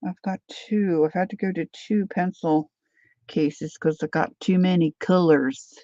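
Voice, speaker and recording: Slow-talking chatty woman painting on stream. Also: lowish voice, fairly even intonation, mellow, no echo. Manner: chatty, greets viewers by name, laughs often. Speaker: artist livestreaming her painting. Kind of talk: casual chat while painting. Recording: slightly dull lo-fi sound.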